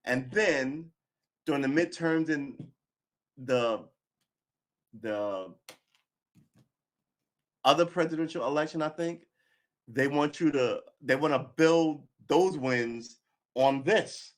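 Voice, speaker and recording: A man's voice: a little high, slow, pauses often. A man giving live political commentary, angry and sarcastic, swearing, reading news aloud and cutting in with remarks.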